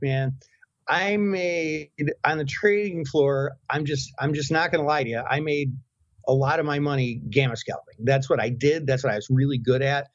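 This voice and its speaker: A man's voice: on the high side, dry recording. Frank man on a dull, dry remote line. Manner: frank, hesitant, many restarts. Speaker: podcast co-host, former floor trader. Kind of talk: casual finance podcast chat.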